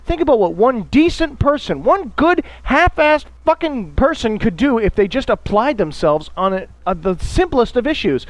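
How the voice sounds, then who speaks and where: A man rants into a dry, close microphone as host of his own radio show. His voice sits high and jumps around a lot, and he swears freely and drops into sarcastic mock voices. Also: big pitch swings, moderate pace, hardly any pauses, no echo, rough recording. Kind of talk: profane solo rant.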